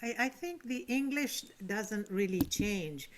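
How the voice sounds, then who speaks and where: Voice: mid-range voice, animated, slow pace, slight background noise. A participant in an online teachers' meeting, reflecting on accents in a hesitant, thoughtful way over a video call.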